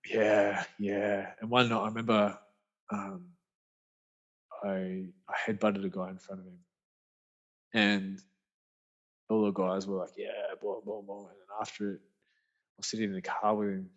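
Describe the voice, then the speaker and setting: A man, a podcast guest telling his story in casual conversation, animated and slangy, acting out what friends said. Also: fairly low pitch, a little slow, long pauses. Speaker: podcast guest, author and speaker. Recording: muffled lo-fi audio.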